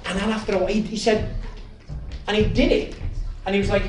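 A man giving a lively, humorous testimony as a storytelling talk. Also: high voice, fast talker. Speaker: testimony speaker. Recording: echoey room from far off, noisy ambience.

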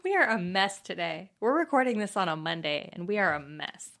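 A woman's voice: lowish voice, sing-song, a little fast, vocal fry, fairly bright tone. A woman hosting a podcast in casual chat, giggly and teasing as she reads out listener messages. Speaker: podcast host.

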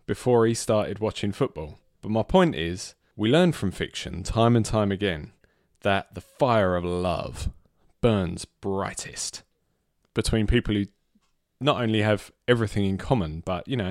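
A man's voice: fairly low pitch, animated, measured pace, darkish tone, no echo, studio quality. A man, a podcast co-host, giving wry, mock-earnest advice in casual comedic chat.

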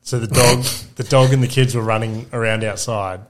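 A man's voice: medium pitch, normal speed. An Australian man, a podcast co-host and dad, telling loose, sweary stories in casual chat. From Queensland, Australia. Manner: animated anecdotes, swears freely.

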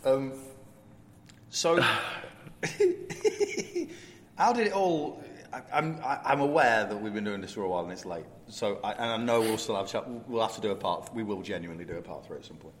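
A male host asking halting, hesitant questions in a casual interview. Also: lowish voice. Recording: roomy reverb, faint background noise.

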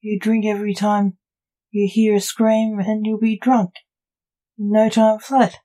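A woman's voice: medium pitch, flat delivery, a little slow, mellow, close to an everyday voice, rough recording. A woman voicing a sarcastic, teasing young male necromancer bantering with his father. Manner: sarcastic, joking.

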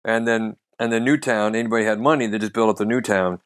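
A man's voice: fairly low pitch, steady tone, fast talker, clean tone. A man co-hosting a comedy podcast, telling stories in casual chat with many fillers and restarts. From the United States.

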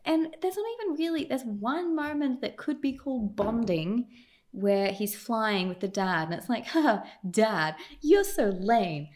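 A woman's voice: a little high, normal speed, darkish tone. A woman co-hosting a casual film review chat, sarcastic, emphatic and exasperated in her delivery. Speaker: podcast co-host.

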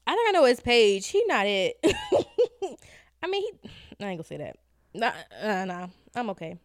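Casting: young woman, podcast co-host, candid casual chat, smooth crisp voice, dry close sound. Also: medium pitch, big pitch swings, normal speed, no room sound. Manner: candid, laughs often, trails off with fillers.

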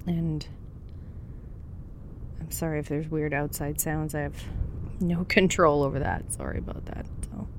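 A woman playing a wary young survivor of the wildfires, talking haltingly through a smoke mask as she records a log alone. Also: sits low, fairly even intonation, a little hiss or hum. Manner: halting and hesitant, with many pauses and fillers. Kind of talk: audio drama monologue.

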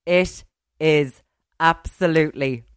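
A woman co-hosting a casual chat, animated and laughing between quick asides. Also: deep voice, smooth. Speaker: podcast co-host.

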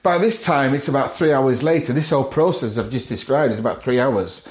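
A man's voice: medium pitch, a little fast. Guy, middle-aged, telling his story on a podcast, does everyone's lines, lots of chuckles, echoey room. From north of England. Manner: vivid retelling, acts out other people's lines and chuckles often. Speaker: guest. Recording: roomy echo.

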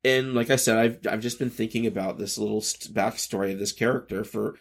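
A man in his thirties talks through a loose podcast monologue with a low, gravelly voice. He stops and restarts often and swings between bursts of energy and quieter, subdued stretches. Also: steady tone. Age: 30s. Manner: halting, self-interrupting, shifts between high energy and subdued. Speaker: podcast host. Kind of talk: rambling casual monologue.

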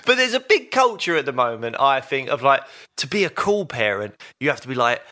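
Bright-voiced chatty man. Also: medium pitch, sing-song, brisk, few pauses. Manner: chatty, laughing, swears casually. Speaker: podcast co-host. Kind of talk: casual chat. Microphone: video call.

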